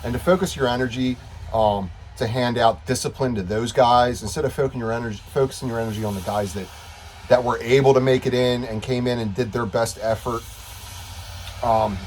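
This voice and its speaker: A man's voice: mid-range voice, fairly even intonation, moderate pace, long pauses, darkish tone, slight background noise. A man giving a casual video update to coworkers as their union steward, frustrated and rambling, repeating himself.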